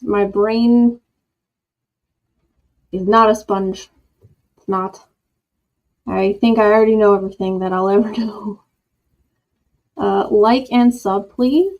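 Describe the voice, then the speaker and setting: A woman chats slowly and unhurriedly through a casual livestream from her home. She rambles, jokes at her own expense and laughs easily. Her old microphone makes the sound dull and lo-fi. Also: mid-range voice. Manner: rambling, self-deprecating, chatty with laughs. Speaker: livestream host. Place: home room with candles. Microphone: old desk microphone.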